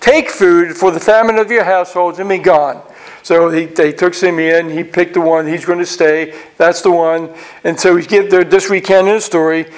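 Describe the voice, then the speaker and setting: A man teaching a Bible passage verse by verse, animated and acting out the characters' reactions, often restarting his words. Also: high-pitched, normal speed. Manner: frequent restarts and repeated words.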